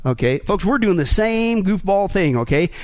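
A middle-aged male pastor preaching a sermon with sarcasm, swinging between loud bursts and hushed asides. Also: high voice, lively intonation, normal speed.

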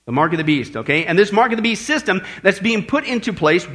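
A man's voice: high-pitched, lively intonation, fast, fairly bright tone. A man preaching as a pastor, joking with his congregation and hammering points through emphatic repetition. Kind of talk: sermon.

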